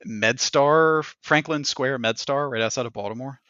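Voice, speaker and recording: A male podcast host tells stories in an easy, chatty way and acts out the voices of the people in them. His voice has a bright, forceful edge. The sound is dry and somewhat dull, like a lo-fi recording. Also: mid-range voice, normal speed, no room sound. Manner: animated storyteller acting out others' lines with laughs. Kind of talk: casual chat, storytelling.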